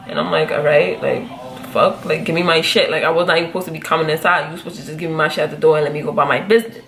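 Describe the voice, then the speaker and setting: A young woman vlogger races through a personal story in a casual, lively way, swearing as she goes. Her pitch leaps upward whenever she quotes herself.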